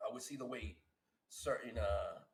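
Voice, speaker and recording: A man's voice: medium pitch, moderate pace. A middle-aged man co-hosting a podcast in emphatic casual chat, often repeating himself. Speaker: podcast co-host. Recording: echoey room.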